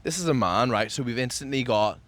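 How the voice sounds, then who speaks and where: A man co-hosting a casual chat outdoors, ranting jokily with sudden jumps in pitch. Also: a little fast. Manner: animated, jokey rant with sudden pitch jumps. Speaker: podcast co-host. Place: outdoors, people walking past.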